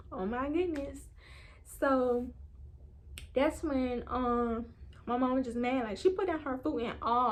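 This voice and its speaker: A young woman tells a storytime in a loose, rambling way. She slips into quoted voices as she goes, and her voice sits a little higher than most. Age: young adult. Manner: chatty, rambling, animated retelling with quoted voices. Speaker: vlogger. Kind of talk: casual storytime.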